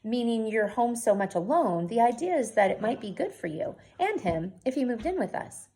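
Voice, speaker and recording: A woman's voice: on the high side, lively intonation, moderate pace, dark tone. A woman reading the part of a practical mother who explains things firmly and earnestly. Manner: explaining, matter-of-fact.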